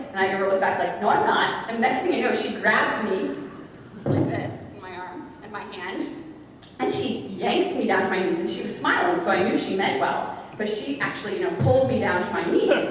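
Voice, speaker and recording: A young woman, a Dominican sister, telling her personal conversion story as an animated storyteller who acts out the voices she quotes. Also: medium pitch, a little hiss or hum. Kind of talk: personal testimony talk. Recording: echoey hall, far from the mic.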